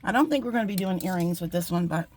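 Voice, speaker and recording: A woman's voice: fairly low pitch, lively intonation, quick pace, a little mellow. A woman hosting a casual jewelry-making tutorial from her craft desk at home, rambling and joking about herself as she talks. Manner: chatty, rambling, self-deprecating, with fillers. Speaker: jewelry-making channel host.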